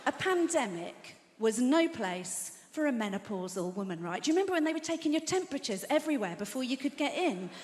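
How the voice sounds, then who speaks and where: A woman's voice: high voice, big pitch swings, a little fast, hardly any pauses, a little mellow. A woman, doing a stand-up comedy set on a large theatre stage, telling stories in a dry, self-mocking way. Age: 50s. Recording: roomy live theatre with crowd noise.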